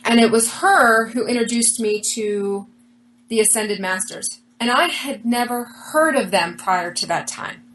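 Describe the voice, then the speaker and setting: A woman's voice: fairly high pitch, a little slow, slight background noise, rough recording. A woman being interviewed, earnestly telling a personal story and acting out the dialogue as she goes. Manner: earnest, animated retelling with quoted dialogue. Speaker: interview guest.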